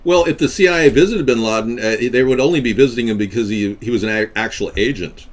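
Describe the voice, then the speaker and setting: A man's voice: medium pitch, quick pace. A man hosting a political livestream in a casual, rambling way, with frequent restarts.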